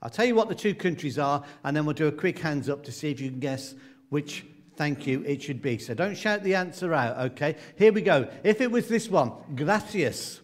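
A man's voice: a little high, animated, normal speed. A man leading a family church gathering, playfully running a quiz and coaxing children to raise their hands. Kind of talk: lively talk to a family congregation.

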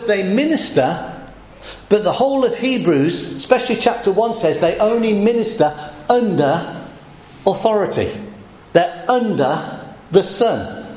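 A man preaching a sermon to a congregation, leaning hard on key phrases and repeating them slowly, with dry asides. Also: sits high, a little mellow. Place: church hall. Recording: echoey church hall.

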